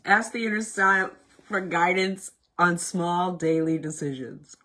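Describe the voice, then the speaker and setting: In a lowish voice and at a slightly slow pace, a woman leading a self-help workshop gives a casual motivational talk. She's animated, moving between loud bursts and hushed, nearly whispered lines.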